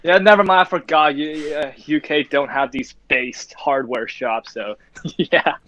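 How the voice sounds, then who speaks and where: A man's voice: on the high side, a little slow, muffled recording, a crowd in the background. A young man hosting a casual voice-call chat, rambling with plenty of fillers. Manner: rambling, lots of fillers and laughs. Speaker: host.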